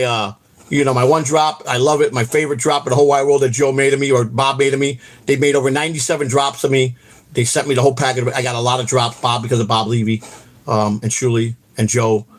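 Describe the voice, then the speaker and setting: Casting: fast-paced male host, rambling and profane storyteller. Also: medium pitch. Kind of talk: casual rambling livestream chat.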